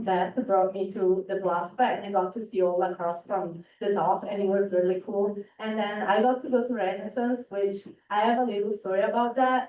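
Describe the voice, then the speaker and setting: Brief: teen exchange student from Italy, chatty filler-heavy talk, far-off roomy room sound. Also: female voice, medium pitch, a little mellow. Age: teens. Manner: chatty, lots of "like" and "um". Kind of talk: informal presentation to a club. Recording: roomy hall sound, distant mic.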